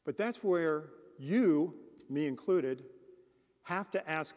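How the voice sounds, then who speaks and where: A man's voice: fairly high pitch, expressive, slow pace, a little mellow. A man preaching a sermon as a deacon, earnest and speaking directly to the congregation with questions. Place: church. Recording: long church reverb.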